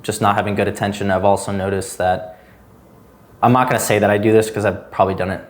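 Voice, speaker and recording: A man's voice: on the low side, flat delivery, fast talker. A young man chatting casually on a podcast, rambling loosely with lots of "like" fillers. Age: young adult. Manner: rambling, loose, heavy use of "like". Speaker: guest.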